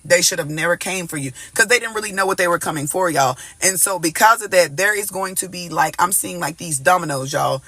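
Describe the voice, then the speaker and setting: A man gives a casual tarot reading in a high, bright voice. He is animated and emphatic, peppers every line with "y'all" and bursts into snatches of gospel song. The sound is dry and close, with no room echo. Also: fairly quick, hardly any pauses. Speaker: tarot reader.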